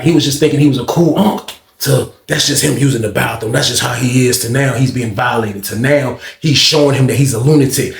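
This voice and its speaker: A man casually telling a prison story, acting out the people in it with raised, excited voices. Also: fairly high pitch, gravelly, echoey room. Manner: animated, acts out quotes in raised voices.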